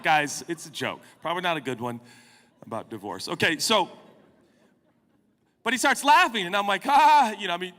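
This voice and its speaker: A man's voice: high-pitched, sharp tone. A man in his forties, a pastor telling a comic, self-mocking story during a sermon. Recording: long hall reverb.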